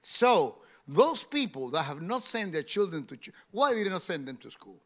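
A male pastor preaching a sermon in an emphatic way, rising to loud exclamations. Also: high-pitched, sing-song, moderate pace, few pauses.

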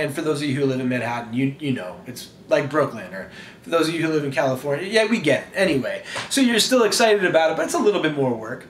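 Animated male preacher in an echoey room. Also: on the high side, fast talker, a little hiss or hum. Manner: animated, conversational, repeats words. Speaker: pastor. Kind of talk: sermon.

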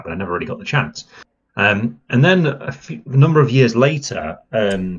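Enthusiastic man, husky and lo-fi. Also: deep voice. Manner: rambling and enthusiastic, many fillers. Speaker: guest. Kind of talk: casual podcast chat.

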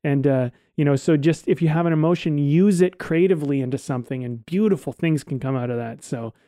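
A man co-hosting a casual podcast, rambling and relaxed, swearing now and then. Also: fairly high pitch, brisk, no room sound, studio quality. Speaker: podcast co-host.

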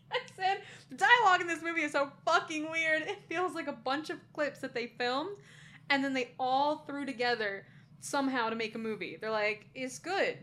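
A woman co-hosting a podcast in casual chat, animated and laughing often as she acts out lines. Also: sits high, normal speed. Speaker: podcast co-host.

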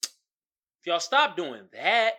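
This U.S. podcast host rants alone, very slowly, in a lively, swooping voice that sits a little high. His tone is bright and forceful as he blends mockery and profanity with laughter at his own jokes.

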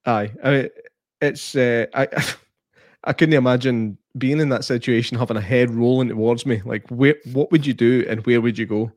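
A young man in casual chat, making wry, deadpan jokes with plenty of swearing. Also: mid-range voice, normal speed, no room sound, studio quality. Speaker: podcast co-host.

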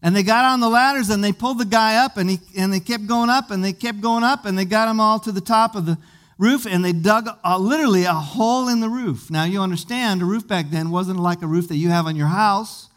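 A man's voice: high-pitched, a little fast, a bit bright. A man preaching a sermon, vividly retelling a scripture story with many questions to his listeners and often repeating small words as he goes.

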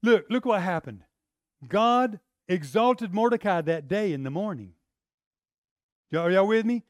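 An animated male preacher gives a storytelling sermon in a fairly high voice. He swings from hushed asides to loud exhortation. The recording is close and dry. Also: unhurried, no room sound.

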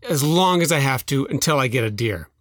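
A man's voice: medium pitch, lively intonation, fairly quick, a bit bright, dry recording, studio quality. A man playing a stubborn, frustrated hunter. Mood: determined.

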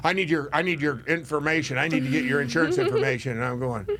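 An older man hosting a radio talk show, telling a story in an animated way, laughing and acting out voices. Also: a little high, quick pace, a little hiss or hum. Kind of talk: casual storytelling chat.

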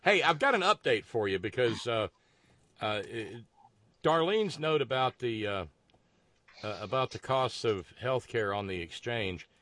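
Male talk host, animated delivery, dry asides while reading listener mail; dry booth sound. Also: mid-range voice, a little slow, no echo. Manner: reads figures aloud with dry asides, some stammering.

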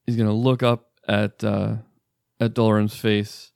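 A man playing a tabletop game, describing his character's actions haltingly. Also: lowish voice, level tone, vocal fry, darkish tone, smooth, dry recording, studio quality. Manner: halting, lots of "like". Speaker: player.

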